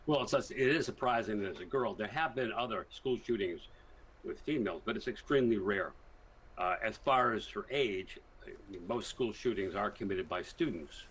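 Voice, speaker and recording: A man, a criminology professor, answering interview questions in a measured, explanatory way and stressing the statistics. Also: on the low side, a bit bright, slightly rough, rough recording. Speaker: criminology professor, guest expert. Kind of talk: remote TV news interview.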